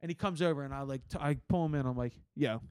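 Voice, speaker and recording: A man's voice: on the high side, fast, clean tone, no echo. A young man, hosting a podcast and telling a story casually, swearing freely and acting out what people said. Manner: animated storyteller, swears a lot, acts out quotes. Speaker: podcast host.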